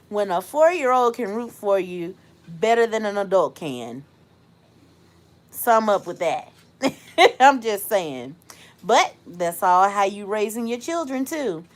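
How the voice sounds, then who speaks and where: A young woman hosts a casual livestream, speaking at a slow, unhurried pace. She turns reflective between bursts of laughter and thanks her viewers by name. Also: medium pitch. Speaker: host.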